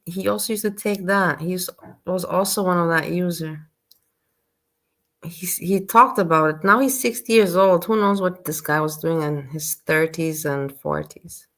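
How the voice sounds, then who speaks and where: Woman, somewhat low pitch, casual stream commentary, chatty asides. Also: normal speed, a bit bright.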